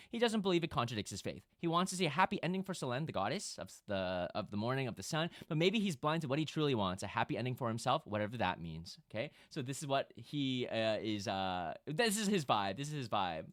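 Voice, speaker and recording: Lively, bright-voiced male streamer. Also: mid-range voice, no room sound, clean studio sound. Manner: lively, chatty, breaks into loud laughing outbursts. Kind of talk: casual live-stream chat.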